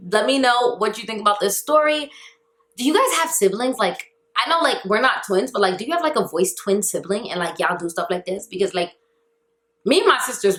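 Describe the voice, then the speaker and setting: Young woman vlogger, higher-pitched, animated and exasperated, slangy storytime delivery, roomy sound. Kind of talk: storytime vlog.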